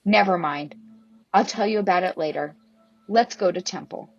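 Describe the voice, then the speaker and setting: A woman's voice: lowish voice, moderate pace, no echo, lo-fi sound. A woman doing a pleading young boy. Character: anxious young boy in trouble.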